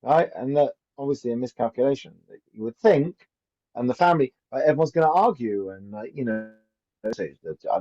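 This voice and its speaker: A man's voice: medium pitch, expressive, fairly quick, warm tone, faint music behind. A man teaching an informal Torah class as a rabbi, chatty and anecdotal, often asking "right?". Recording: dull lo-fi recording.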